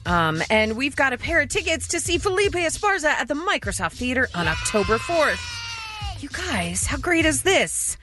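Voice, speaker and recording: Female radio co-host, upbeat, lively bright voice, faint music behind. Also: high-pitched, normal speed. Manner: playful, upbeat. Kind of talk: radio show banter and announcements.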